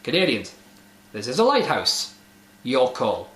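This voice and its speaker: A man voicing a calm, matter-of-fact male lighthouse operator on the radio, in an echoey room. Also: medium pitch, a little slow, pitched below the performer's own voice. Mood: deadpan.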